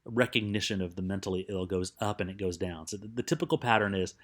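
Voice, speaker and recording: A man's voice: low voice, fast talker. A man teaching a recorded psychology lecture in a conversational way, with many fillers and restarts.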